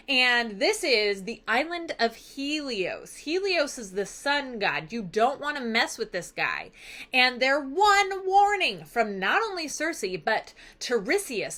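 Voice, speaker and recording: A woman teacher recapping a story in an animated, conversational way. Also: high-pitched. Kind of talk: recap lesson.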